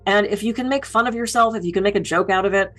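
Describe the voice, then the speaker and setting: A woman's voice: medium pitch, fast talker, soft background music, low-quality recording. A woman keynote speaker giving public speaking advice, telling stories about her own mishaps with self-deprecating humor. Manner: lively self-deprecating storytelling.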